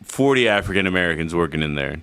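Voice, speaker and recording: A man's voice: low voice, lively intonation, quick pace, fairly bright tone, clean tone. A young man co-hosting a casual podcast, making dry, teasing remarks. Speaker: podcast co-host.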